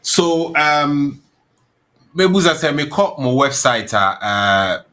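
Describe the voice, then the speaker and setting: A man's voice: on the high side, very animated, slow, bright, forceful tone. A man hosting a radio interview, asking questions and slipping Twi phrases into his English. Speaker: radio host.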